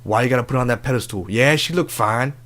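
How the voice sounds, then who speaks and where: A brash, crude love-advice doctor, put on by a young man for a comedic podcast bit. He talks in swaggering, profane slang at an ordinary middle pitch. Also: fast talker, fairly bright tone, natural voice.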